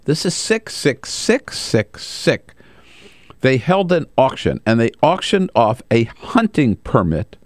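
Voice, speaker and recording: An American man hosting a political talk show, wry and animated, laughing easily between points. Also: medium pitch, dry recording, clean studio sound.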